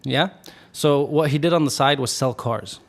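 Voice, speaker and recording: A young man, a podcast guest, telling a story in casual chat, animated and laughing often. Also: fairly high pitch, moderate pace, creaky. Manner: animated, laughs often, restarts mid-sentence.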